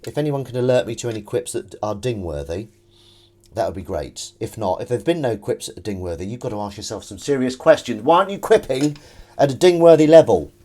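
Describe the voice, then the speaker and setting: A man with a fairly low, warm voice talks fast and animatedly on a live stream while he washes up at home. He rambles and mocks himself as he reads viewers' comments, with dishes and cutlery clattering in the background.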